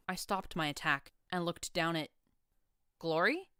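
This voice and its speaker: A woman narrates a first-person story in an even, steady storytelling manner. Her voice is low and smooth, clear in tone. It is recorded on a close mic with a dry, dead sound. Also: measured pace, no room sound. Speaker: audiobook narrator. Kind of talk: audiobook narration of fan fiction.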